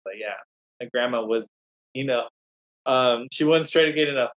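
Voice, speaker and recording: A man's voice: medium pitch, moderate pace, a bit bright, rough recording. A man, a scholar who is a guest on a podcast, telling a long personal story in a rambling, anecdotal way, with many restarts. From Native American community.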